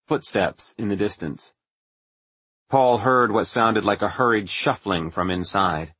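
A male narrator reads a story in a measured, even manner. His voice is husky, and the recording is dry and close, with no room sound. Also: on the low side, no room sound. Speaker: audiobook narrator. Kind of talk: scripted narration.

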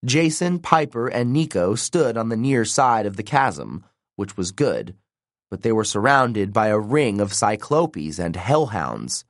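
A man with a low voice reads the audiobook slowly and deliberately, letting his pitch rise and fall with drama. The sound is close and dry, with no room echo at all. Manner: expressive, dramatic reading. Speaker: audiobook narrator. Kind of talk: scripted narration.

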